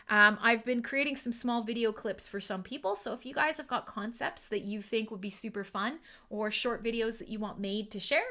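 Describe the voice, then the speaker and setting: Bright, lively livestream host woman. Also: on the high side. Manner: playful, chatty, laughs often. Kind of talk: casual livestream chat.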